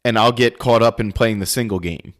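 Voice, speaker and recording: Low-voiced man casually commentating. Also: a little fast. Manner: relaxed, thinking aloud with many restarts; swears casually. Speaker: podcast co-host. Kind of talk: casual video commentary chat.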